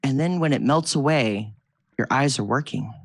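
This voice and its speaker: Brief: game master narrating scenes, steady mid voice. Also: male voice, mid-range voice, normal speed, breathy edge, no echo. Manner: descriptive, with frequent restarts.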